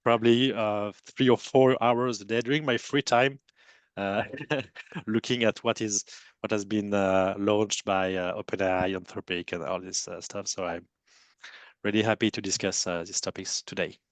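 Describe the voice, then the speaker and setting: A man with a thick French accent speaks on a panel in a lowish voice. He talks haltingly, with many fillers and restarts. The sound is dry and close over a video call. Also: steady tone, no echo. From France. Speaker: agency CEO panelist. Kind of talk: panel discussion.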